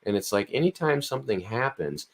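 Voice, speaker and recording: A man in a casual podcast conversation, explaining things calmly and repeating words as he restarts. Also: mid-range voice, brisk.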